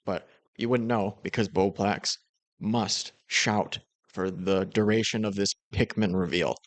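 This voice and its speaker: A man's voice: on the low side, steady tone, a little slow, dry recording. A man giving dry, critical and sarcastic commentary over reaction clips. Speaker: commentary host.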